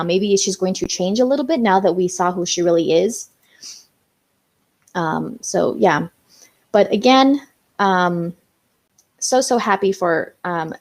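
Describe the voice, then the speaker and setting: A young woman hosting a casual live stream, chatting with viewers and reading out their comments, with lots of "um" and "you know". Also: on the low side. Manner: chatty, reads out viewer comments, many fillers.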